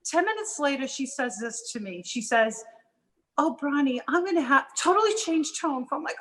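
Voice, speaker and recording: A woman talking as a guest on a live panel show, telling a story in an animated way with quick asides. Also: high-pitched, poor audio. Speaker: guest entrepreneur.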